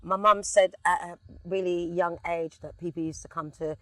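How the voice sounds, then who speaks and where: A middle-aged woman with a London accent, chatting as an interview guest inside a car, telling lively stories and breaking into snatches of song. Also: fairly low pitch, moderate pace, no echo. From England. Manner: animated storyteller, sings snippets. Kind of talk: relaxed casual chat.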